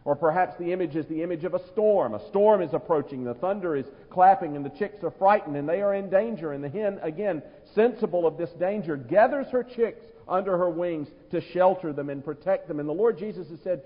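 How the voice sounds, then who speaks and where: A man preaching an earnest, emphatic sermon, slowing down for the quoted words. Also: fairly high pitch. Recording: dull sound, long church reverb.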